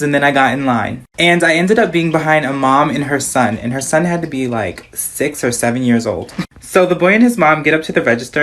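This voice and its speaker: A woman telling funny personal stories in a sassy, animated way, acting out the people in them. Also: sits low. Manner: sassy, animated, acts out quoted voices. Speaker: storyteller. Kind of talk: casual storytime narration.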